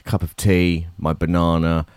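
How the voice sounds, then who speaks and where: Deep, groggy podcast guest. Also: male voice, measured pace, clear, resonant tone, dry recording. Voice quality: groggy morning voice. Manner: laid-back, deadpan crude joking. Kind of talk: casual chat.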